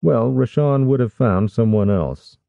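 A man doing a sly scheming old lord, gravelly. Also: medium pitch, unhurried, no room sound, highs cut off, voice pushed up. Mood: wry. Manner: scoffing, wry, conspiratorial. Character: sly scheming older male lord, amused.

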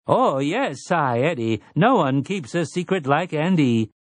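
A man's voice: fairly high pitch, sing-song, measured pace, no room sound, voice pushed up. Man putting on a smug, prim robot. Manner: prim, precise, mechanical diction. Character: smug, complacent male robot with odd formal speech.

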